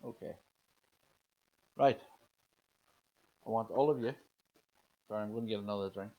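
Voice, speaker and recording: A man reading oracle cards for viewers in a chatty, gently coaxing way, then leading a slow breathing exercise. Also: on the low side, rough recording. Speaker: spiritual card reader. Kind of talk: live oracle card guidance, casual talk.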